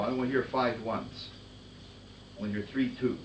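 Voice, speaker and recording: A conductor leads a band master class in a rehearsal room, giving brisk directions and singing rhythms in nonsense syllables to demonstrate. His mid-range voice holds a steady tone. The recording comes from a distant device and is echoey and noisy.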